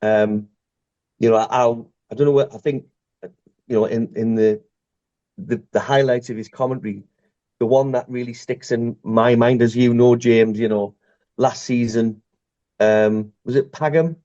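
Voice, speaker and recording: A man chatting on a podcast, halting and quick to laugh. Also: mid-range voice, steady tone, dark tone, muffled recording. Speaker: podcast co-host. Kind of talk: casual chat.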